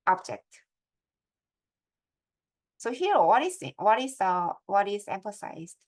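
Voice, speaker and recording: A middle-aged woman gives a step-by-step lecture on academic writing and keeps checking in with her audience through questions. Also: medium pitch.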